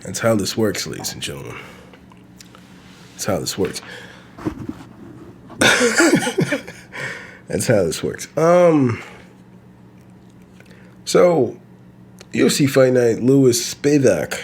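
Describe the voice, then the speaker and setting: A man's voice: medium pitch, wildly swooping pitch, slow pace, vocal fry, pauses often, slight background noise. A man hosting his own podcast, talking casually and profanely in a loose, rambling way with bursts of laughter. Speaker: podcast host. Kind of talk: casual solo podcast rant.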